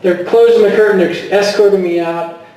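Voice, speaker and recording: A middle-aged man giving a personal testimony, speaking haltingly with many fillers and restarts and often quoting himself. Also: high-pitched, fairly even intonation, dark tone. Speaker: guest speaker. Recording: echoey hall from far off.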